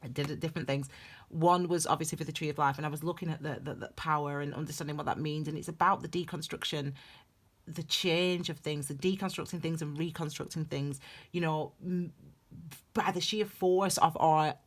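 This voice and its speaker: A woman's voice: sits low, steady tone, brisk. A middle-aged woman giving a casual tarot reading, rambling and digressing with many restarts. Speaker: tarot reader.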